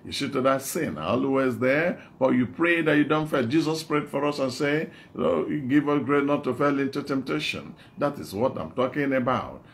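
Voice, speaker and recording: A man's voice: mid-range voice, lively intonation, moderate pace, creaky, hardly any pauses, a little hiss or hum. A man with a Nigerian English accent preaching a sermon as an evangelist, repeating his phrases in an exhorting, call-and-response way.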